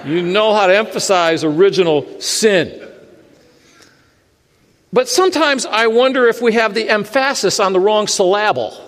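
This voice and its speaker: A man preaches in a church sanctuary, his voice sitting high and ringing out with a long reverb from the large hall. He delivers the sermon in an animated way, with dry humor slipped between his points. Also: normal speed. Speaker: pastor.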